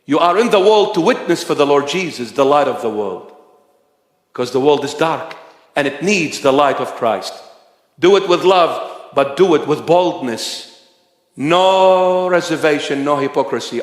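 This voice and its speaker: Male preacher, high-pitched, bold and shouting at times, roomy hall sound. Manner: forceful, rising to shouting. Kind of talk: sermon. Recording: echoey hall.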